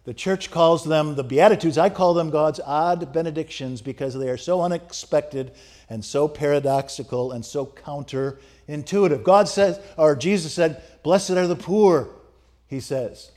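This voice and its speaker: A man's voice: fairly high pitch, normal speed, a little mellow. A man preaching a sermon, emphatic and rhetorical, asking the congregation questions. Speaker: pastor.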